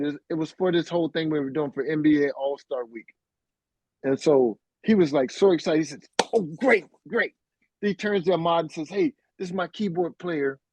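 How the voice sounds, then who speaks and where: Animated middle-aged man telling a story. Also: a little high, no echo, lo-fi sound. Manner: animated, acts out quoted voices. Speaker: interview guest, musician. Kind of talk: casual storytelling.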